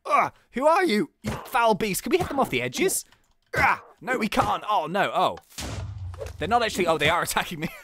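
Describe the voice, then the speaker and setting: A young man hosting a gaming channel, giving chatty, excitable play-by-play commentary and often laughing at the game. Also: high voice, background noise.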